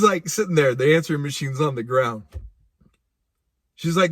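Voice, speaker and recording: A man telling a personal story casually, animated and laughing, with vivid sound effects. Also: on the high side, unhurried, pauses often, dry recording. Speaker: speaker.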